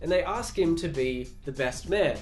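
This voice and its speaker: A man's voice: fairly high pitch, lively intonation, normal speed, a little mellow, faint music behind. A young man recapping a comic book casually, chatty and sarcastic, acting out the characters' lines.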